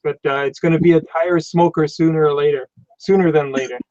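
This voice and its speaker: A man's voice: a little high, steady tone, darkish tone, no room sound. German-accented man, dry muffled stream sound. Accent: southern German. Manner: unhurried, hesitant, many fillers and restarts. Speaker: mechanic hosting a live stream. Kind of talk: casual live-stream chat.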